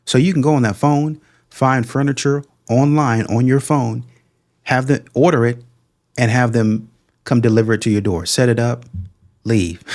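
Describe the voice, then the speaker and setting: Male reaction host, mid-pitched, sneering and sarcastic, sometimes mimics the people he mocks. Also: darkish tone. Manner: sarcastic, scornful, puts on mocking quoted voices. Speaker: reaction commentator. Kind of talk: mocking reaction commentary.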